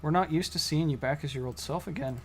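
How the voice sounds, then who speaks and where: A man voicing gruff, wary brothers of a noble house with a Scottish accent, blunt and bellowing. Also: on the high side, fast, slight background noise, natural voice. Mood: curious.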